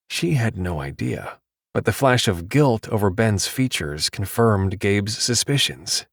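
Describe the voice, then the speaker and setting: Low-voiced male audiobook narrator. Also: sing-song, a little slow, creaky, no room sound, clean studio sound.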